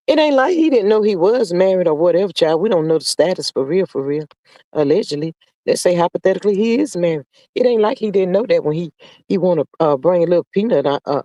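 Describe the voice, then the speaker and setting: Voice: mid-range voice, mellow, no echo. Sassy gossip streamer, dry close sound. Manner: sassy and drawling, full of "child" and "honey" asides; playful, with sing-song hums and laughs. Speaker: live stream host. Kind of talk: casual gossip chat, reading viewer comments aloud.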